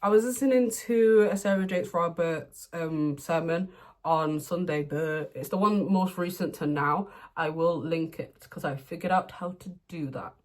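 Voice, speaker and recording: A young woman talks through her makeup routine in a casual chat at home. She is chatty and playful, laughing often and now and then breaking into excited outbursts. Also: on the low side, unhurried. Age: young adult. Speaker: beauty vlogger. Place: home room, indoors.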